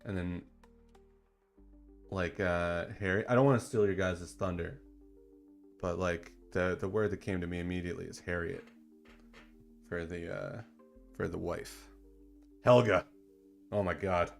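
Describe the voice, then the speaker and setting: A man hosting a casual livestream in a laid-back, slangy way that turns excited at times. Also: sits low, a little slow, creaky, pauses often, faint music behind. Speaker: streamer and dungeon designer.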